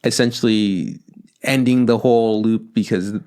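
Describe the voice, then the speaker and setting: A man co-hosting a podcast, retelling a film's plot in a loose, animated, profanity-laced way and acting out the characters' lines. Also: lowish voice, normal speed. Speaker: podcast co-host. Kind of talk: casual podcast chat recapping a film.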